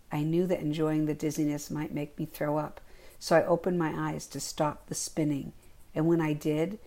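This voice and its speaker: A woman reads aloud from her own memoir in a calm, reflective first-person telling. Her voice sits low and stays level, with little rise or fall. The tone is dark and mellow throughout. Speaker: memoir author reading her own work. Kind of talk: memoir reading.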